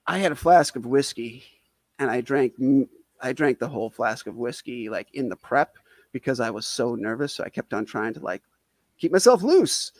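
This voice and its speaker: A man's voice: mid-range voice, dry recording. A man from Wisconsin telling a self-deprecating comic story in a casual, rambling way, full of "like" fillers. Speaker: storyteller guest.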